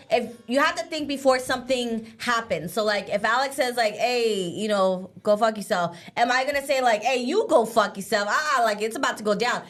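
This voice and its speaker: Young female co-host, high-pitched, chatty and animated, casual live-show talk. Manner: chatty, animated, lots of "like" and laughing.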